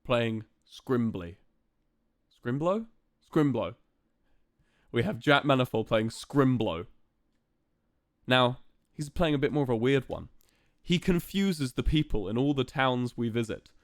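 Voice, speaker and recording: A man's voice: medium pitch, lively intonation, unhurried, no room sound, studio quality. A young man streaming live, chatting casually and playfully to his viewers with lots of fillers.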